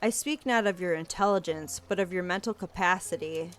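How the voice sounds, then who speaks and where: Woman doing a cold, formal senior investigator. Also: natural voice. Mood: stern. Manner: formal, measured and lowered.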